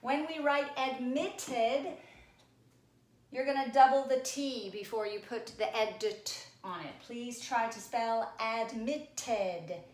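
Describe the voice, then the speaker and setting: Teacher lady doing a spelling lesson, playful, teasing, kinda high voice, slow and careful. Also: roomy sound, slight background noise. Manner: playful, teasing, sounds out words slowly.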